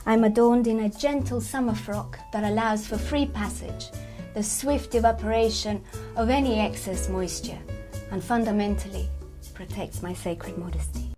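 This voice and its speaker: A woman's voice: medium pitch, normal speed, over music, close to an everyday voice. Woman doing a prim, genteel frock enthusiast. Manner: genteel, mock-formal. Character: prim, flowery woman explaining her summer frock. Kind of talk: comedy sketch character.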